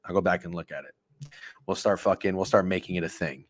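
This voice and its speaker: A man in his thirties hosting a sports betting stream, talking casually and excitably with lots of profanity while reacting to his chat. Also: sits low, fast, no room sound. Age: 30s.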